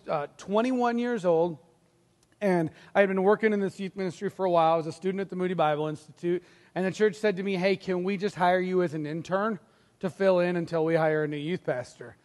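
A middle-aged male pastor with a high-pitched voice preaches in a church sanctuary. He tells stories in an animated way and slips into the voices of the people in them. A long reverb trails his words around the hall. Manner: animated storytelling, acts out quoted voices. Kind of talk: sermon.

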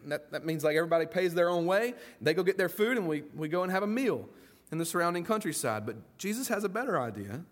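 Fast and high-pitched, a pastor delivers a lively, folksy sermon. He regularly acts out the voices of the people he's telling about.

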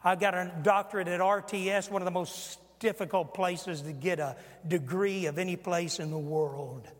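An older male pastor in his sixties delivers a sermon in a high, ringing voice. He preaches with force, pushing his voice up when quoting and dropping it low and quiet for asides. His words trail off into the long reverb of a large sanctuary. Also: steady tone, moderate pace.

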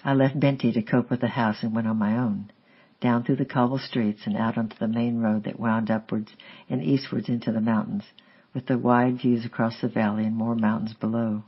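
Gravelly, husky male memoir reader. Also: medium pitch, level tone, normal speed. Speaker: audiobook reader. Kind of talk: memoir narration read aloud. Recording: slightly dull lo-fi recording.

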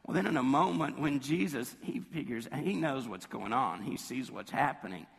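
A hoarse man preaching a sermon in a conversational storytelling way, slipping into quoted voices. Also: animated, normal speed, in a large hall. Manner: conversational storytelling, acts out quotes with jumps in pitch.

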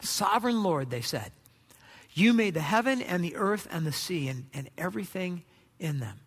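A man's voice: sits high, lively intonation, moderate pace, a bit bright, husky, long reverb tail. A man preaching a sermon as pastor, in a conversational way that is full of rhetorical questions.

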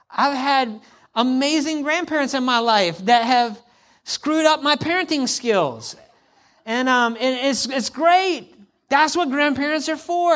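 A man's voice: very high-pitched, fairly bright tone. Conversational man preaching a sermon. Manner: conversational, acts out hypothetical quotes, repeats for emphasis. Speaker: pastor.

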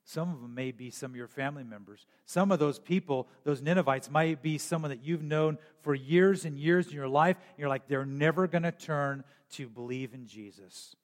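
A man preaching a sermon as pastor, with emphatic rises and frequent throat clearing. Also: on the high side, fairly quick, few pauses, big-room sound.

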